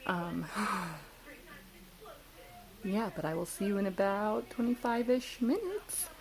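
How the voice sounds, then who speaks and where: A woman and mother vlogging from home at night, chatting excitedly to her viewers and keeping her voice down so her kids sleep. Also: medium pitch, slow, vocal fry, poor audio. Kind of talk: casual vlog chat to viewers.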